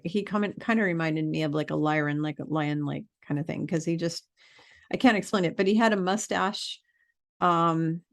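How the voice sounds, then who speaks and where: A woman spiritual teacher in a casual vlog monologue, earnest and rambling with many fillers. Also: fairly low pitch.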